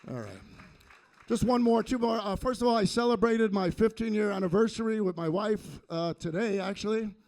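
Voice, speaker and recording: A man performing a stand-up comedy set on a club stage, delivering deadpan punchlines into a handheld mic. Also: sits high, normal speed. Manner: deadpan punchline delivery with sung parody bits.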